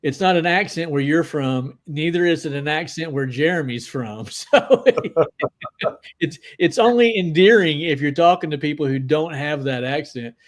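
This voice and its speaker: Upbeat male co-host with a slightly raised pitch, chatting casually and reading viewer questions on a live show. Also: moderate pace. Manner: upbeat, reads viewer comments aloud. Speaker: podcast co-host. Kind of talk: casual live-stream chat.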